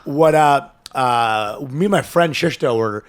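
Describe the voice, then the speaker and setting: A man's voice: mid-range voice, measured pace, clear, resonant tone. A man guest on a comedy podcast, telling stories casually, laughing often and swearing freely.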